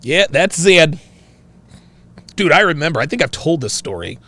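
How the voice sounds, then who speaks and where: Gravelly, animated male livestream host. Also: on the high side, normal speed. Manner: profane, excitable, laughs often. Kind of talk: casual livestream chat, reading viewer donations.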